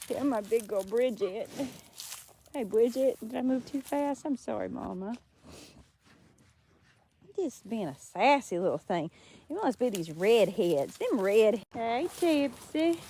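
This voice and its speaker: A woman's voice: fairly high pitch, mellow, a little hiss or hum. A woman, cooing affectionate baby talk to cows outdoors on a farm, recorded on a handheld phone. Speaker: farmer. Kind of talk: casual talk to animals.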